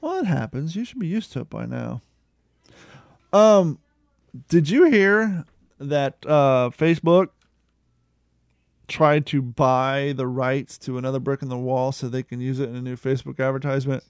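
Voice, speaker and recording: A man's voice: mid-range voice, moderate pace, pauses often, clear, resonant tone, no room sound, clean studio sound. A man co-hosting a casual podcast, rambling, joking and swearing, who reads a news story aloud. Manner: rambling, irreverent, swears freely. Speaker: podcast co-host.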